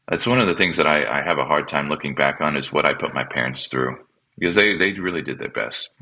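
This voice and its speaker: A man, a pastor and podcast guest, telling his personal story in a halting, reflective way and often repeating words as he restarts. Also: rumbling low, sharp tone, rough recording. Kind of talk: personal testimony in conversation.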